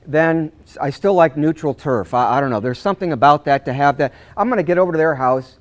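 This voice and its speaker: A man giving a live seminar to real estate agents, acting out conversations with clients and clearing his throat often. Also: on the high side. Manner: animated, acts out client dialogues, frequent throat clearing. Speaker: real estate sales trainer.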